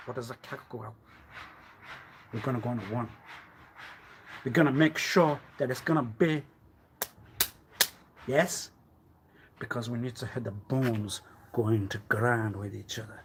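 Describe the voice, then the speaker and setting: A man on a livestream delivering a rambling, theatrical monologue, full of rhetorical questions and menacing threats, that swings from hushed mutters to loud outbursts. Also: mid-range voice, measured pace, pauses often, a little hiss or hum.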